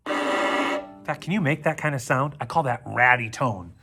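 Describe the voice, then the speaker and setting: A man teaches children an orchestra lesson on video in a medium-pitched, pushed, bright voice at normal speed, with faint music behind him. He counts aloud, jokes with the kids in playful asides, and demonstrates on string instruments, plucking them.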